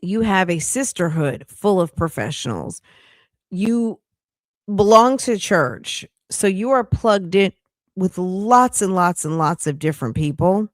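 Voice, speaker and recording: Chatty woman livestreamer, low and unhurried. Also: lively intonation, no echo, studio quality. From United States. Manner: chatty, incredulous, laughs often. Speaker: livestream commentary host. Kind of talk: casual live commentary.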